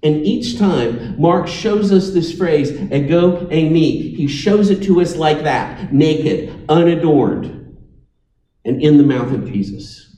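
Male preacher, emphatic sermon, mellow tone, slightly raised pitch, echoey hall sound. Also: lively intonation, far from the mic. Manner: emphatic, dramatic pauses, invites congregation to repeat.

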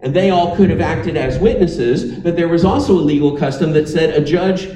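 A man's voice: fairly high pitch, mellow, recorded from a distance. Emphatic preacher man in an echoey room. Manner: emphatic, dramatic pauses, invites congregation to repeat. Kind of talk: sermon.

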